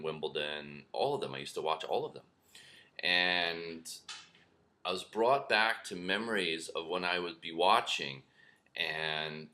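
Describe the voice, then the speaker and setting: A middle-aged man telling a personal story to camera as a spiritual teacher, animated, acting out shouts and whispers. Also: low voice. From lives in New York.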